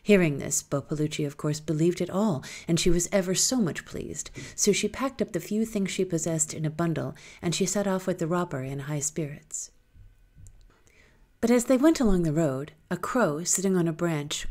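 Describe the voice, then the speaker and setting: A woman reading a folktale aloud in a lilting, expressive storytelling manner. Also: on the low side, normal speed.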